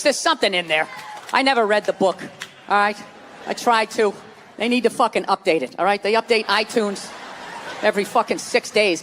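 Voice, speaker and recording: A man doing stand-up comedy, ranting loudly with lots of swearing and mock voices. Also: sits high. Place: theater stage with live audience. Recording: live audience laughter and stage noise.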